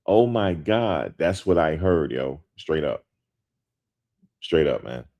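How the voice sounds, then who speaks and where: Man, very low voice, casual commentary, slangy, emphatic, repetitive. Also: big pitch swings, slow, darkish tone. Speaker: host.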